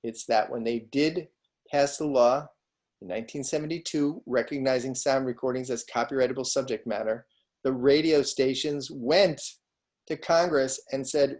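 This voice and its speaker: A man's voice: mid-range voice, fairly even intonation, moderate pace, darkish tone. A man giving an online law lecture over a video call, talking conversationally and often checking in with his students. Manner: conversational, asks students frequent questions.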